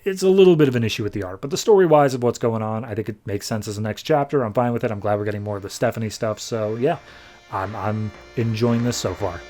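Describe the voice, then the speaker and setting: A man's voice: mid-range voice, a little mellow. A man hosting a podcast, retelling comic book plots in a casual, chatty way full of fillers. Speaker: podcast host.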